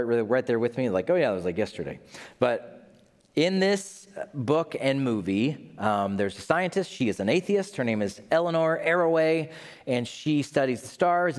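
Male pastor, animated storytelling sermon, mid pitch, long hall reverb. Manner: animated storytelling, playful asides.

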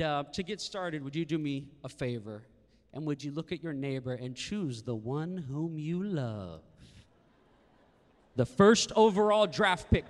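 A young man preaching an interactive sermon to a live congregation, swinging from hushed tones to shouting, with call-and-response. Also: on the high side. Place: large hall with congregation. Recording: long hall reverb.

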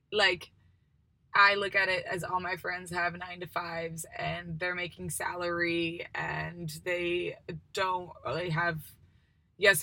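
A woman's voice: on the low side, sharp tone, no room sound. A woman in her twenties hosting a casual solo chat, rambling with many fillers. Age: 20s. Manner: chatty, rambling, lots of "like" and "um". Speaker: podcast host.

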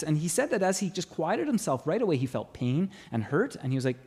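A middle-aged man preaches a sermon, his voice sitting high and swinging widely as he tells a story. He acts out the dialogue with animated shifts, playing every part himself. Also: fairly quick, hardly any pauses, slightly rough. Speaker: pastor.

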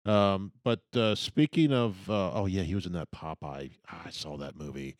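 Deep-voiced man, casual trivia talk, dry close mic. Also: normal speed, no echo. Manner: matter-of-fact, offers trivia. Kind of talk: casual podcast chat.

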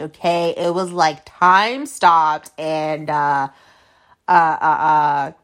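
A podcast host with a lowish, slightly bright female voice tells a story. Her talk is casual and blunt, profane and packed with fillers.

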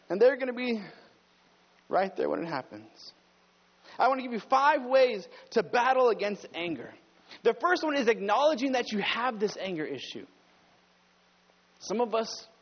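A man preaching a conversational sermon as pastor, climbing higher and louder when he presses a point. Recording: dull sound with long hall reverb.

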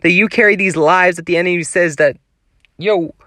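A man's voice: sits high, quick pace, pushed and bright, no echo, clean studio sound. A man preaching a devotional sermon, pleading with his listeners in an earnest, exhorting way.

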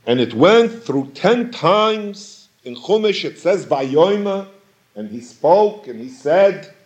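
Male Torah teacher, lively emphatic delivery, slightly higher voice, questioning tone. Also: slow pace, lo-fi sound. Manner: questioning, emphatic, repeats phrases for stress. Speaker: rabbi teaching Talmud. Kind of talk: Torah lecture.

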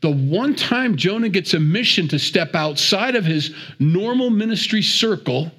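A man's voice: high voice, lively intonation, unhurried, fairly bright tone, slightly rough. A man giving a conversational Bible teaching, chatty and digressive, with repeated words and chuckles.

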